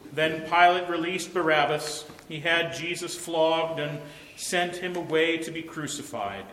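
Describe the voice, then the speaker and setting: A man narrating a scripture passage in a measured, solemn liturgical reading. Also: a little high, fairly bright tone, a little hiss or hum. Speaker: scripture reader. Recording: reverberant church.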